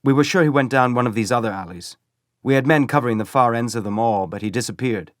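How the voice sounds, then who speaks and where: Loud, blustering stormtroopers, put on by a man reading an audiobook, pitched well above his own low voice and pushed hard. The boastful tone stays coarse throughout. It is a dry, close recording with no room sound. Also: fast talker, no echo, close to an everyday voice. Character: crude loud male Nazi stormtroopers.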